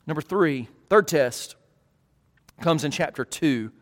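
A man's voice: a little high, lively intonation, slow, big-room sound. A man preaching as a pastor, earnest, with emphatic rising peaks and frequent restarts. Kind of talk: sermon. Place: church.

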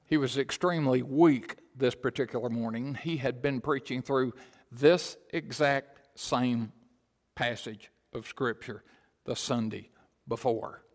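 A man preaching a sermon, swelling to loud emphatic proclamation and dropping to quiet storytelling. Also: medium pitch, measured pace. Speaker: pastor. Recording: long hall reverb.

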